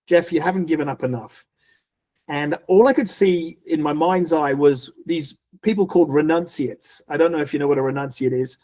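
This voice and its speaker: A man appears as a podcast guest and tells a personal story in an animated way. He restarts his sentences often as he goes. His voice sits somewhat higher than most men's. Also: moderate pace, hardly any pauses. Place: podcast recording.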